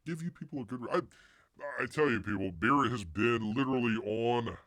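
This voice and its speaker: With a mid-range, fairly bright voice and a moderate pace, a man hosts a casual comics news live stream, and there's no echo. He jokes and rambles, mutters under his breath, and calls himself Bear in the third person.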